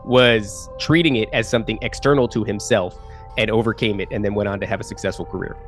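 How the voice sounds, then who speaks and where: A man's voice: on the low side, steady tone, fast, soft background music. A man who is a podcast guest, making an earnest, argumentative case in casual conversation. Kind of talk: casual chat, explaining a view.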